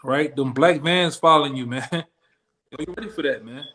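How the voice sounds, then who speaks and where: Male street preacher, slightly high voice, blunt and slangy, challenging. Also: normal speed, a bit bright. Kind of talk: street-style sermon.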